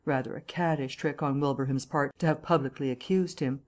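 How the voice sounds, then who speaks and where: Woman reading a novel aloud, measured. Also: rumbling low, steady tone, a little mellow. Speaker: audiobook narrator. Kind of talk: scripted audiobook narration.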